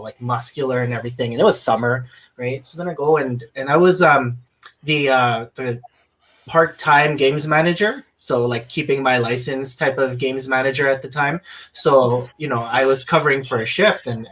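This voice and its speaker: A man hosting a casual podcast, telling an animated story with many fillers and restarts. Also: medium pitch. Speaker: podcast host. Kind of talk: casual chat.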